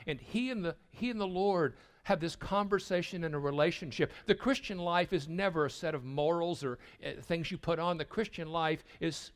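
An older man giving a sermon at a retreat, telling stories and stumbling over repeated words as he begins a thought, sometimes dropping to a hushed voice. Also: fairly high pitch. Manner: storytelling, dropping to a hushed voice for tender moments. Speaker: retreat speaker.

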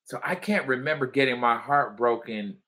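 Co-hosting a casual podcast chat, a man with a mid-range voice speaks at normal speed. He teases his co-host and asks probing questions between bursts of loud laughter.

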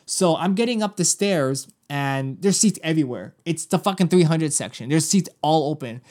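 A man in his thirties tells a story with lots of swearing, slipping into other people's voices as he goes. His voice sits somewhat high for a man, and the talk is loose and chatty. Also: moderate pace. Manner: animated, profane, acts out other people's lines. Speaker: podcast co-host. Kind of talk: casual storytelling chat.

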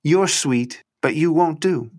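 A man's voice: on the high side, slow pace, darkish tone. Man reading as sarcastic young woman, cool, dry, detached, read-aloud story.

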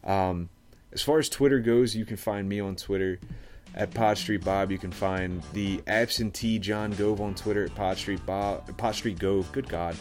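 A man's voice: on the low side, steady tone, normal speed, faint music behind. A man hosting a casual sports podcast, joking around with lots of fillers and laughter. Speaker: podcast host.

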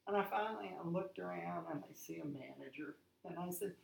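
Woman, 60s, gravelly low voice, animated storyteller, roomy recording. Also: brisk, hardly any pauses, a little hiss or hum. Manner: lively storyteller, laughs often. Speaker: guest. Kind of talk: casual conversation.

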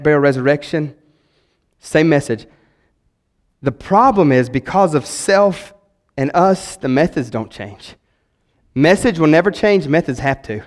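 Man, pastor in his thirties, high-voiced, impassioned preaching with loud and hushed swings, reverberant church hall. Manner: impassioned, swings between loud exhortation and quiet emphasis. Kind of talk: sermon. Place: church sanctuary.

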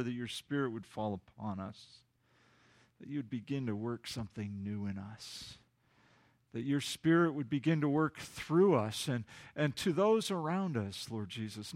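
Conversational man preaching a sermon. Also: mid-range voice. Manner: conversational, paraphrases with frequent restarts; soft, hushed voice when praying. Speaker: pastor. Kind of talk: sermon with scripture reading and prayer. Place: church sanctuary.

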